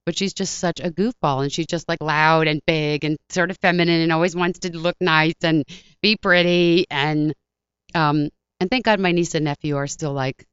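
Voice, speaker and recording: A woman voice actress telling animated stories as a guest in a casual interview, heard on a dull lo-fi recording. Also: sits low, smooth, dry recording. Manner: animated, fast storyteller.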